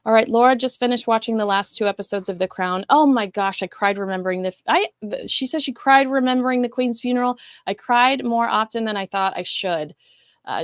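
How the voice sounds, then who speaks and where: A woman's voice: medium pitch, no room sound, studio quality. A woman hosting a casual livestream, chatting and reading viewer comments in a rambling, talkative way. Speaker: show host reading live chat.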